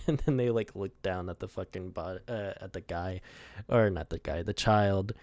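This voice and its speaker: A man's voice: sits low, normal speed, darkish tone, no echo. A young man casually talking through his own storyboards, rambling, laughing often and swearing, with lots of "like" in his speech.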